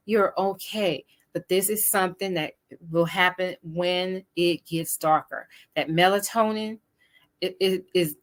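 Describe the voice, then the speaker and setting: A woman's voice: mid-range voice, a bit bright. A woman hosting an inspirational talk show, who reads passages aloud and comments on them. She speaks to viewers in an earnest, encouraging, preacher-like way. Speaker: host.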